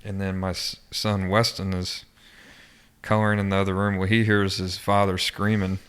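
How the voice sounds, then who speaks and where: Male podcast guest, low voice, monotone, halting recollection with restarts. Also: smooth. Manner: halting, with frequent restarts and fillers. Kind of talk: personal recollection in an interview.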